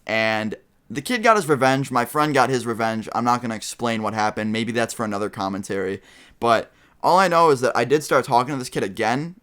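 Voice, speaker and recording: A man's voice: medium pitch, a bit bright, clear, resonant tone. A young man vlogging a casual storytime, rambling and swearing freely as he retells events to his viewers.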